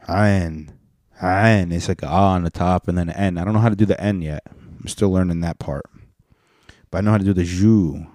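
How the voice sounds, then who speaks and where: A man's voice: low voice, warm tone, no echo, studio quality. A man hosting a podcast, rambling profanely through a comedic rant and slipping into joke accents. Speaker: podcast host.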